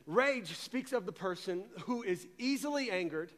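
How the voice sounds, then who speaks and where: A man preaching a sermon as pastor, talking in an animated, conversational way and often repeating words as he goes. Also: sits high, moderate pace. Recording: long reverb of a large hall.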